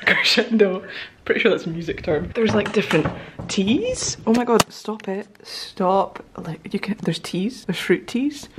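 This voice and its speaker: A young woman chatting excitedly to camera in a casual vlog, gushing and giggling as she talks. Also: medium pitch. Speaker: vlogger. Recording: noisy phone vlog audio.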